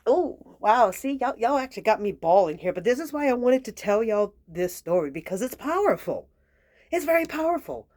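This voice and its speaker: A woman, telling a personal story in a chatty, sassy way, talking straight to her viewers and sometimes dropping to a soft near-whisper. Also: a little high, big pitch swings, normal speed, no room sound. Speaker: tarot reader and channel host. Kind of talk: casual spoken storytelling.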